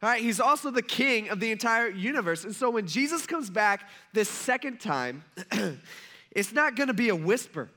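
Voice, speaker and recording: A man delivers a relaxed, conversational sermon, retelling scripture like a story with voiced characters. His voice sits high for a man and rings bright and forceful. He swings between loud, emphatic lines and hushed asides. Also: moderate pace. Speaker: preacher. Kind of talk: casual sermon.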